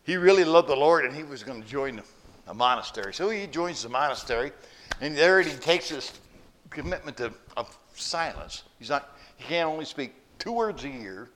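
A man's voice: mid-range voice, animated, moderate pace, fairly bright tone, a little hiss or hum. Guy preaching a sermon in church, tells stories, asks the folks questions. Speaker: pastor.

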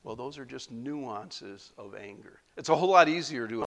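A man's voice: mid-range voice, expressive, moderate pace, vocal fry. A male pastor giving a sermon, conversational and emotional, often laughing and saying "you know". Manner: conversational preaching with frequent laughs and fillers.

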